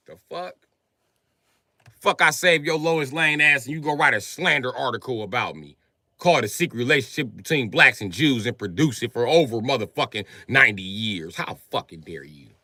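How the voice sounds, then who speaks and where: Sharp-voiced man ranting on a livestream. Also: a little fast, no room sound, clean studio sound. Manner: profane, ranting, swings from low muttering to loud shouting. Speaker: livestream host. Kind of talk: livestream monologue.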